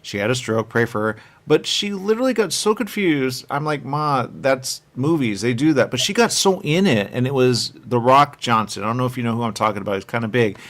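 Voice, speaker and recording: A man interviewing filmmakers, chatty and rambling, telling animated stories. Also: medium pitch, fast, hardly any pauses. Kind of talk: festival interview.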